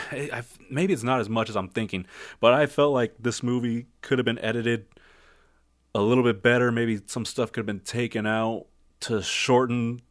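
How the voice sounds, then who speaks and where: A man's voice: medium pitch, steady tone, moderate pace, no echo, clean studio sound. A man giving a casual spoken film review. He rambles, second-guesses himself and uses lots of fillers. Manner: rambling, self-doubting, many fillers.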